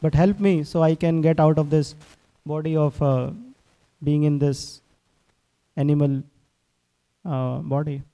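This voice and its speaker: A man's voice: on the high side, level tone, measured pace, long pauses, dark tone, smooth. A man giving a devotional sermon, telling scripture stories and acting out the quotes earnestly. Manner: earnest, repeats words, acts out quotes. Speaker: speaker at a temple class.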